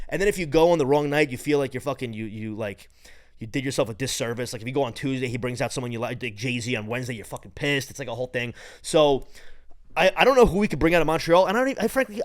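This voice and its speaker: Late-20s male host, New York accent, excitable and profane, rambling, dry close mic. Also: mid-range voice, no echo. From New York, Long Island. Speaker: podcast host. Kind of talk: casual solo podcast rant.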